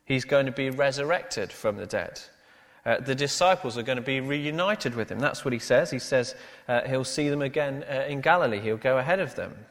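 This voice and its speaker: A man's voice: mid-range voice, expressive, normal speed, a bit bright. A male pastor preaching a sermon, with many "uh" fillers and rhetorical tag questions. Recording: long hall reverb.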